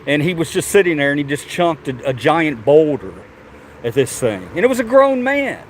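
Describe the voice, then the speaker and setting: A man's voice: fairly high pitch, sing-song, moderate pace, a little hiss or hum. A man, chatting casually to viewers and to the animals while walking outdoors with a handheld phone camera. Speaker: vlogger. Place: outdoors at a zoo.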